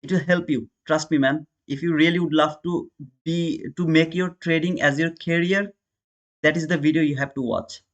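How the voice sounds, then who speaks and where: His voice is a little high, with fairly even intonation at a moderate pace, and the audio sounds dull. He's a day trader with an Indian accent hosting a live trading stream, chatting casually with viewers, calling them brother, and answering chat.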